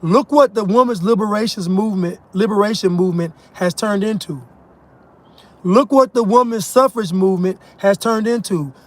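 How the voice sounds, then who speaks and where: Male commentator, high-pitched, mocking monologue with scoffing laughs. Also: normal speed, a little mellow. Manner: emphatic, mocking, laughs at his own points. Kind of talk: ranting monologue.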